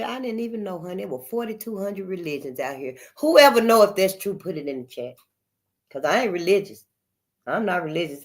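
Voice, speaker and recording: A woman's voice: mid-range voice, fairly bright tone. An older woman hosting her channel in a casual, unscripted monologue, emphatic and repetitive, calling her listeners honey. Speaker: channel host.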